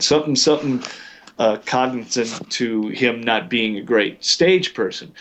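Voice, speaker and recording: A man's voice: medium pitch, measured pace, fairly bright tone, a little hiss or hum. A man telling long anecdotes as an interview guest, full of fillers and restarts. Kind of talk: storytelling in a podcast interview.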